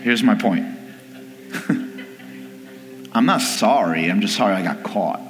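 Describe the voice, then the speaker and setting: A man preaching a sermon, telling a family story with lively delivery and acting out the people in it. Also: lowish voice, slow pace. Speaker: pastor. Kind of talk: sermon with personal stories. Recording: long hall reverb with faint music.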